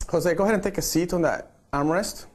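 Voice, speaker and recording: A man's voice: sits high, quick pace, a little mellow. A man directing a group photo shoot on a live stream, playful and coaxing, checking in with "okay" after each instruction.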